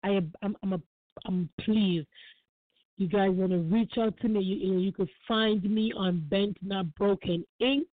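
A woman's voice: medium pitch, fairly even intonation, moderate pace, no echo. A woman guest on a call-in talk show, giving earnest personal testimony and repeating phrases for emphasis. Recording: dry tinny phone line.

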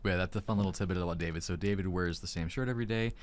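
A male podcast co-host with a lowish voice who talks quickly. He keeps things playful and upbeat. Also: a crowd in the background. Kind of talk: casual chat.

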